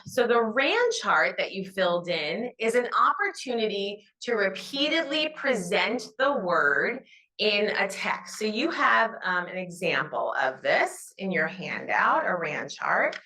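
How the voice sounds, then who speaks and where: A middle-aged woman educator presents at a summit conference, modeling classroom reading cues in a raised, teacherly voice. Her medium-pitched delivery is sing-song, a little slow and sharp in tone, on a low-quality recording.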